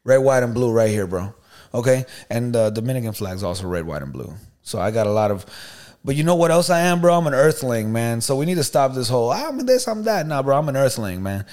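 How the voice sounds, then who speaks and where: Animated man telling a story, bro-talk. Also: mid-range voice, brisk. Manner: animated, slangy, keeps saying bro and you know what I mean. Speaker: podcast co-host. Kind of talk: casual storytelling chat.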